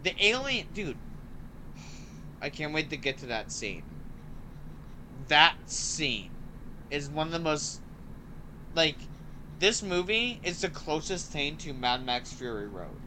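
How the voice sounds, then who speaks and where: A man chats casually as a podcast host. His voice is bright and forward. He rambles with eager energy, leaning on "like" and "um" between thoughts. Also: fairly high pitch, unhurried, long pauses, a little hiss or hum. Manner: excited and rambling, heavy use of "like" and "um". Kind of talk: casual movie review chat.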